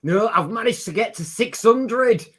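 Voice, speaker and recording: A man with a bright, slightly high voice, talking emphatically on a casual live chat. He makes his points in a ranting way. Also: lively intonation, unhurried, a little hiss or hum. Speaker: guest streamer.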